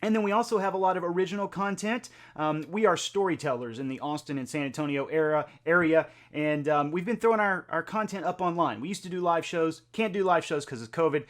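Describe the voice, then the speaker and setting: A man's voice: on the high side, brisk, few pauses. A man hosting a music reaction video, talking in a chatty, conversational way with lots of filler words. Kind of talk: casual reaction video talk.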